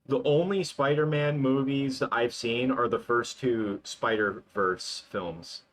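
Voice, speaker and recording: Speaking slowly in a mid-range, slightly bright voice, a young male animator talks to his live-stream audience while working. His replies wander, and "like" turns up again and again.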